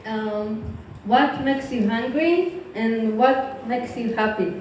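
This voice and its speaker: A woman from Israel in a convention audience, asking a question slowly and hesitantly. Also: a little high, darkish tone, slight background noise. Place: large hall, in the audience. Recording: dull echoey hall from far off.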